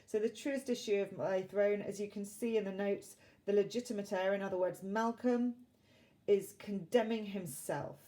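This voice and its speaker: A woman's voice: mid-range voice, steady tone, mellow. Dry-voiced woman explaining a play. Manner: plain, measured, lightly dry delivery with fillers. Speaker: English literature teacher.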